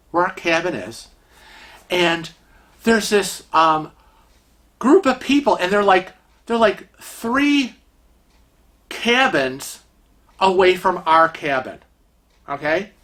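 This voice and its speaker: A man vlogger telling rambling, animated stories in a casual way, with many fillers. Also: high voice, takes it slowly, pauses often. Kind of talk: casual storytelling.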